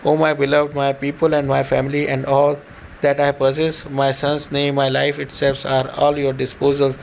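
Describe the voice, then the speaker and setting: A doting aged king pleads with his beloved queen in a level, unvaried voice, as a man reads him aloud. The tone is gravelly and rough at the edges. A faint hiss of noise sits behind it. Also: mid-range voice, monotone, moderate pace, natural voice, low-quality recording. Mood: coaxing.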